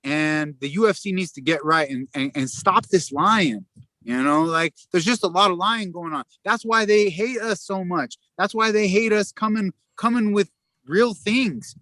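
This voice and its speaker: A man with a high, bright, edgy voice talks in a blunt, loose way, full of "like" and "uh". He is a pro fighter airing grievances in an interview. The recording is dry and close-miked. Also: moderate pace, no echo. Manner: blunt, loose, filler-heavy complaining. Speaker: professional fighter. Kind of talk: casual interview talk.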